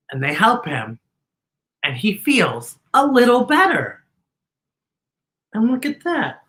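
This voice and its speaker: A woman hosting a children's storytime, reading a picture book aloud with exclamations and questions to the kids. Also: fairly high pitch. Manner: animated, exclamatory, talks to kids directly.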